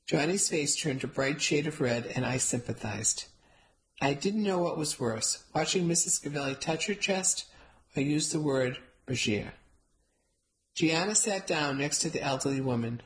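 A woman reading a first-person story aloud as narrator, wry and lively. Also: low voice, normal speed, low-quality recording. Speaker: audiobook narrator.

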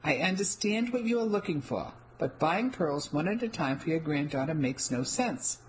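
A woman voicing a blunt, dramatic jeweler of about fifty who has a gravelly voice and a haughty manner. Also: low voice, expressive, moderate pace, a little hiss or hum, low-quality recording. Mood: lecturing. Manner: haughty, dismissive. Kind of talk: audiobook character reading.

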